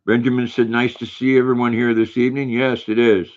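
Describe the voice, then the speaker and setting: An older man hosting a casual livestream, reading viewers' comments aloud in a relaxed, folksy way. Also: mid-range voice, brisk. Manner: relaxed, folksy, reads viewer names and messages. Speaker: livestream host. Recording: dull lo-fi stream audio.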